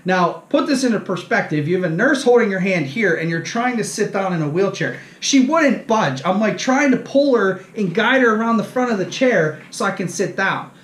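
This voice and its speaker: A fishing show host animatedly recounts a casual story at his own expense, performing the back-and-forth dialogue. He speaks at a moderate pace with few pauses, his voice sits high, and the sound is reverberant.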